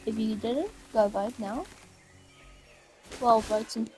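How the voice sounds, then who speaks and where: A woman's voice: a little high, slow, darkish tone. A woman commenting on her own gameplay in a chatty way, with self-mocking asides. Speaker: gamer. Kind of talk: let's play commentary. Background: faint game music.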